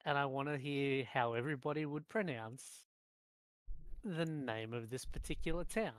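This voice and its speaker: A man's voice: mid-range voice, normal speed, no room sound. A man chatting casually on a podcast, explaining how place names are said. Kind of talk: casual chat.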